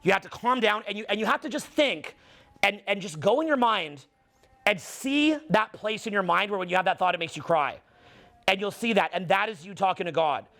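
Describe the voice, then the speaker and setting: A middle-aged man with a high, gravelly voice and a bright, forceful edge. He preaches an intense motivational monologue, swearing freely and drawing his words out slowly when he wants them to land. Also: animated. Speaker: dating and social skills coach.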